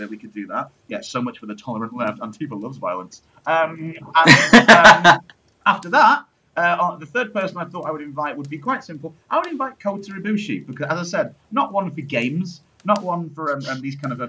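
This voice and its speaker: A man's voice: a little high, sharp tone, a little hiss or hum, rough recording. A young man chatting casually, rambling with many ums, restarts and swearing. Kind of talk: casual chat.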